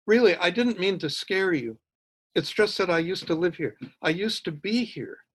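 A man reading aloud who voices a calm, eerie male intruder in a quiet, dreamy, unhurried way. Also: sits high, breathy edge, pitched above the performer's own voice. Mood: apologetic.

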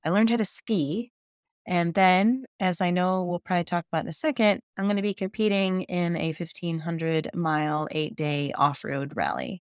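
A woman's voice: lowish voice, normal speed, no room sound, clean studio sound. A woman in her fifties, a journalist guest telling her story in a casual podcast chat, enthusiastic and laughing often. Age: 50s.

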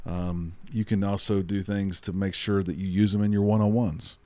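A man's voice: sits low, little pitch movement, moderate pace, warm tone, no echo. A man co-hosting a podcast, giving punchy, motivational tips and repeating catchphrases. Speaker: podcast co-host. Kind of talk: casual podcast chat.

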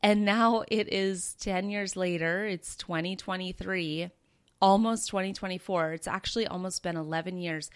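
A woman in her thirties hosts a podcast and tells a personal story with earnest, conversational warmth. Her voice is smooth and clean, sitting a little low in pitch. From Minnesota, USA. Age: 30s. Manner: earnest, conversational, with quoted dialogue. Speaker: podcast host and breathwork facilitator.

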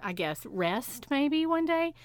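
A woman's voice: sits high, sing-song, slow pace, dry recording. A woman co-hosting a podcast, chatting casually and animatedly about shows and laughing often. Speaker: podcast co-host. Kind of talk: casual chat.

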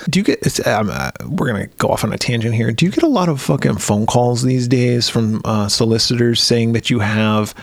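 A man's voice: medium pitch, brisk, vocal fry, few pauses, no room sound. A man co-hosting a casual podcast, talking profanely, laughing a lot and acting out phone calls in funny voices. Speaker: podcast co-host. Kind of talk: casual podcast chat about a horror film.

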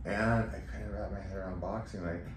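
Very deep-voiced man telling his story. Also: a little fast. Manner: emotional, animated, acts out quoted dialogue. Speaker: podcast guest. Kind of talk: candid conversational storytelling. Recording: roomy echo, faint background noise.

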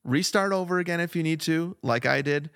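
A man's voice: a little high, a little fast, a bit bright, no room sound, clean studio sound. A man co-hosting a podcast, chatting casually and laughing easily while reading ads and talking about his week. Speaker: podcast co-host. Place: home studio, Flagstaff.

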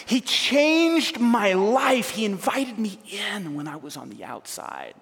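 A man preaching who briefly acts out an excited, grateful reformed tax collector, stammering with urgency. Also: sits high, slow pace, gravelly, in a large hall, voice pushed up, full character voice. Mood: eager.

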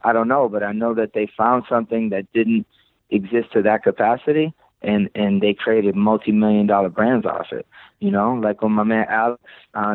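Boston man, lowish voice, casual rambling podcast guest, tinny phone-line sound. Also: no echo. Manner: loose, rambling, swears casually. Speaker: podcast guest, creative director.

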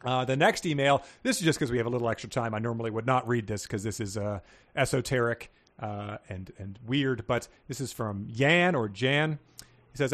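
Male co-host, mid pitch, wry and casual, reads emails aloud. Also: brisk, a bit bright. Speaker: podcast co-host. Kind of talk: casual chat, reading listener emails.

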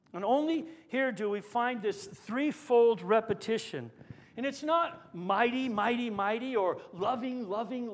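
A man, a pastor, preaching a sermon with swings between forceful lines and hushed, quiet emphasis. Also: very high voice. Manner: dynamic preaching, dropping to hushed tones for emphasis.

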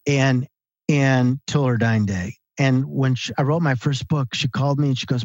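A man's voice: medium pitch, steady tone, moderate pace, darkish tone, dry recording, dull audio. Earnest man, an author as guest. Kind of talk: casual interview chat.

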